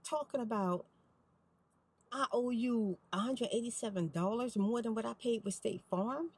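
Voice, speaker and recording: A woman's voice: on the high side, moderate pace, darkish tone, breathy edge, low-quality recording. A middle-aged woman, telling an emphatic, exasperated storytime vlog from inside a parked car. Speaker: vlogger.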